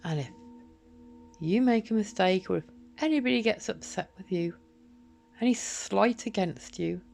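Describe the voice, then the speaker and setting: A woman's voice: mid-range voice, lively intonation, normal speed, creaky, darkish tone. A woman speaking a bitter, confrontational, profane monologue straight to camera, addressing an absent person. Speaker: vlogger. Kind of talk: emotional direct-to-camera monologue.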